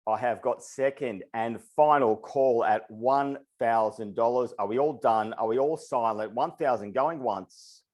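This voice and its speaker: A male auctioneer running a charity auction over a webinar, rattling through bids in a rhythmic, repeating patter. His voice sits at an ordinary middle pitch, and he sounds a little out of breath from the pace. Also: unhurried, hardly any pauses, a little mellow. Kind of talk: rapid charity auction calling. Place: online webinar.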